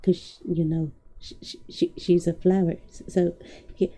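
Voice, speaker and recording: A woman's voice: on the low side, level tone, measured pace, mellow, breathy edge. A woman streaming while she draws, thinking aloud, humming and laughing at her own puns, in casual live-stream chat. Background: faint music.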